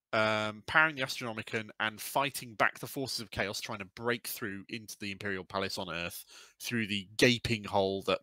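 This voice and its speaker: A man's voice: mid-range voice, sharp tone, no room sound. A man co-hosting a casual podcast, telling a sweary, rambling story. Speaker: podcast co-host. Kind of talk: casual lore chat.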